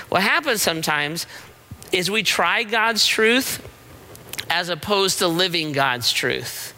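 Pastor, middle-aged man, high voice with a piercing bright edge, conversational storytelling sermon, keeps asking the room "right?". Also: clean tone, low-quality recording. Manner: storytelling with frequent rhetorical "right?" checks.

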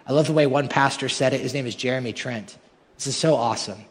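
In a large church hall full of long reverb, a male pastor preaches a sermon. He talks fast in a mid-range voice, stacking rhetorical questions that build to emphatic peaks.

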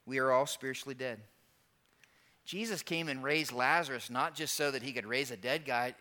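A man preaching a sermon as pastor, asking rhetorical questions, swinging between hushed and emphatic delivery. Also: mid-range voice. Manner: dynamic preaching with rhetorical questions and dramatic pauses.

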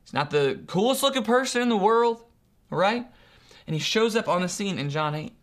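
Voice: mid-range voice, animated, normal speed. A preacher giving a sermon in an earnest, emphatic way, often repeating and restarting phrases and asking rhetorical questions.

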